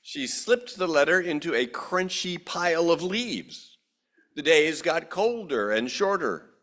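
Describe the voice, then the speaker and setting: Expressive, unhurried male minister. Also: on the high side. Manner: gentle, expressive storytelling. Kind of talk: storybook reading and ceremony in church.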